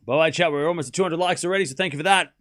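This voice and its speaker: A man hosting a live tennis watchalong stream, calling each rally shot by shot and chatting with his viewers in an excitable way. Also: a little high, rapid-fire. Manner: excitable, calls rallies shot by shot and talks to chat. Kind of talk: live play-by-play commentary and chat.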